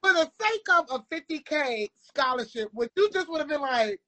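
A woman's voice: high voice, animated, moderate pace, background noise. A woman co-hosting a casual chat, playful and slangy, throwing out provoking questions. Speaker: co-host.

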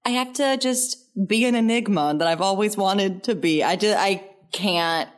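A woman's voice: mid-range voice, normal speed. A young woman co-hosting a casual comedy podcast, joking crudely and laughing often. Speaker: podcast co-host. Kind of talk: casual chat.

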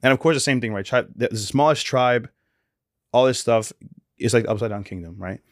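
Casual young male podcast co-host, slangy storyteller, mid-pitched, dry close mic. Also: a little fast, no echo. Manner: laid-back storytelling with slang and frequent "like". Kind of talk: casual faith podcast chat.

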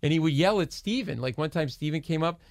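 A man's voice: fairly high pitch, expressive, fast talker, noisy background. A man talking as a podcast guest, rambling through backstage stories with many restarts and quoted voices. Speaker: guest, late-night show writer. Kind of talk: casual podcast interview.

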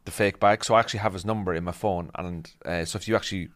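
A man, a podcast guest, telling stories in animated casual chat. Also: low voice, racing. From Ireland. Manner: animated storytelling.

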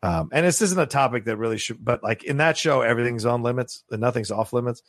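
A man with a husky voice chatting casually about a TV comedy, excitable and swearing. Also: quick pace, no echo. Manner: excitable, swings in pitch, laughs and swears. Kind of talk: casual chat about a TV show.

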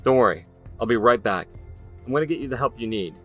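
A man's voice: mid-range voice, animated, measured pace, fairly bright tone, breathy edge, faint music behind, pitched above the performer's own voice. A man voicing a shaken young male superhero who speaks with urgent, stammering worry.

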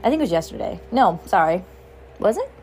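A woman's voice: mid-range voice, big pitch swings, fairly quick, a little mellow, faint music behind. A young woman hosting a podcast, talking in a frustrated, heated casual monologue. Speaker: podcast host.

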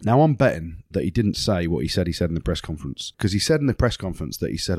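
Guy with a lowish voice, dry close mic, teasing casual banter. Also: animated, fast, hardly any pauses, a little mellow, no echo. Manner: teasing, banter-heavy, laughs often. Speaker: podcast host, former rugby player. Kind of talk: casual chat.

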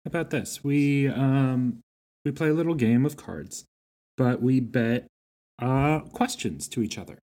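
A woman's voice: a bass voice, lively intonation, unhurried, dark tone. A woman playing a tabletop game, talking in a hesitant, apologetic way with restarts. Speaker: player. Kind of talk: casual tabletop game chat.

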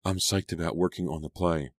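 A frank, concerned teenage girl, read by a man in an audiobook who talks in a matter-of-fact way. The voice stays low and deep, in a dry, close setting. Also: steady tone, a little fast, husky, no room sound.

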